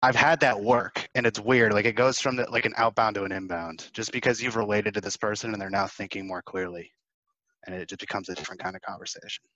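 Low-voiced young man giving sales advice. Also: quick pace, no echo. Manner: animated, acts out phone exchanges. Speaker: sales panelist. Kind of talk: casual advice chat. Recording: dry, slightly dull lo-fi audio.

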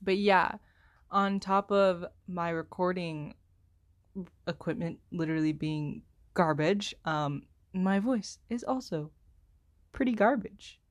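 Young woman, somewhat low voice, slow self-deprecating solo podcast ramble with constant fillers, headset mic. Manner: self-deprecating, apologetic, heavy filler words; speaks slowly, pauses to find words. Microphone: headphone microphone.

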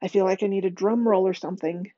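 A woman voicing an eager male teacher, excited and theatrical, with dramatic pauses. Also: mid-range voice, dull audio, close to an everyday voice.

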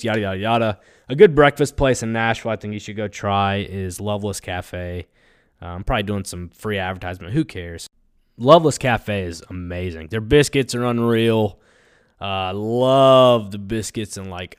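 A man's voice: on the low side, clean tone. A young man, hosting a casual solo podcast from home, rambling with lots of fillers. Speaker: podcast host.

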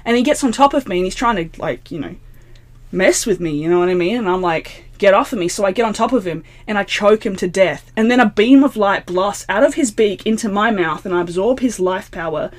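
A woman, an interview guest telling a long dream story in a casual, animated way, full of "like" and acted-out dialogue. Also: mid-range voice, fairly quick.

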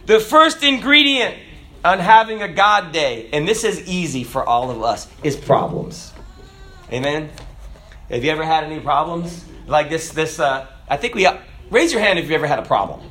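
A preacher with a high, bright voice works his congregation with jokes, jumping into character voices as he tells each story. He is a man delivering a lively, animated sermon. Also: normal speed, slight background noise. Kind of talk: joke-filled sermon.

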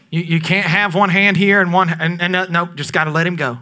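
A man in his thirties, a pastor preaching a sermon, shifting between loud emphatic peaks and hushed, drawn-out lines. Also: high voice, fairly even intonation. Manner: dynamic preaching, swings between loud peaks and near-whispers.

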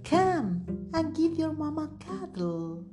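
A gentle, fond storybook mother animal, as a woman reader voices her, speaking slowly with a lively lilt. Soft music plays beneath her. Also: high-pitched, voice pushed up, heavily acted. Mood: affectionate. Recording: music playing underneath.

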